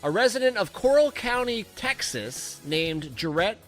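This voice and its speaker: A man's voice: sits high, big pitch swings, unhurried, soft background music. A man hosting a comedy podcast, reading odd news stories in a crude, rambling, offhand way. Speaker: podcast host.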